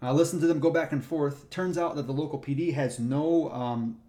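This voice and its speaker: A man's voice: on the high side, fairly quick. Chatty man telling ranger stories. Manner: animated retelling, acts out the people in his stories. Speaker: park ranger. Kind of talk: casual storytelling chat.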